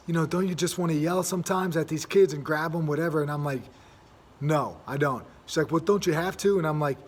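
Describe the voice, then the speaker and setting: A young man hosting a casual monologue, rambling with many fillers and restarts. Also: a little high. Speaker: host.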